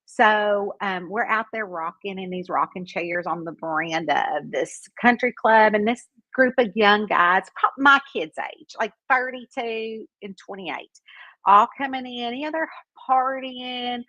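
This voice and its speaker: A middle-aged woman, telling a story casually and animatedly, often climbing high when excited. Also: measured pace, dry recording, highs cut off. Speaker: mystery author answering reader questions.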